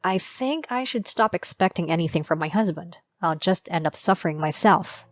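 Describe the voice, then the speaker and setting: A young adult woman narrating her own story as a mother, in a plain, steady confessional tone. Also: fairly low pitch, moderate pace, dry recording. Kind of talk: first-person storytelling. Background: faint music.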